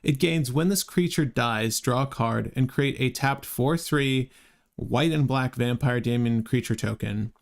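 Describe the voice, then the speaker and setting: Man, gravelly voice, casual live-stream chat, halting restarts, co-host. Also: medium pitch. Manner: halting, restarts often, chatty with audience. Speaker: co-host ranking game cards on a livestream.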